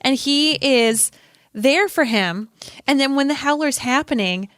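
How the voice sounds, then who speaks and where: A woman's voice: high-pitched, expressive, measured pace, fairly bright tone, no echo, clean studio sound. Chatty woman podcast co-host. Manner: chatty, laughs often, acts out lines. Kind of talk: casual chat.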